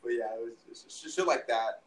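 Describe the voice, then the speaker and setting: A man's voice: mid-range voice, normal speed, a crowd in the background, rough recording. A young man tells a story in casual conversation, rambling and profane, with lots of restarts and fillers. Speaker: podcast guest, musician.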